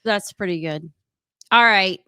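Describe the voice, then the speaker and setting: A woman, co-hosting a casual talk radio show and reading out news items with animated, laughing banter. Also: medium pitch, unhurried, clear, resonant tone, no room sound, studio quality.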